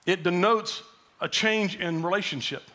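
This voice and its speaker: A male pastor preaching a sermon in a high, bright voice. He pushes his delivery up and then lets it fall low and quiet for emphasis. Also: normal speed. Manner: preaching, rising to shouted quotes then dropping low.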